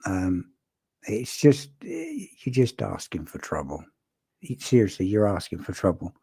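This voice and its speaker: Male commentator, casual and wry, mellow tone, dry close sound. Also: low-pitched, wildly swooping pitch, creaky, slightly rough, no echo. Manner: conversational, wry, with pauses and restarts. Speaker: commentator analysing a video clip.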